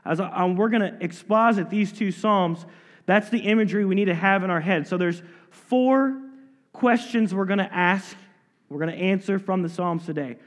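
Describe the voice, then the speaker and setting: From the pulpit, a male pastor with a high voice delivers an expository sermon at normal speed. He reads scripture, then hammers each point with emphatic asides and sudden drops to near quiet, his voice ringing with the long echo of a large hall.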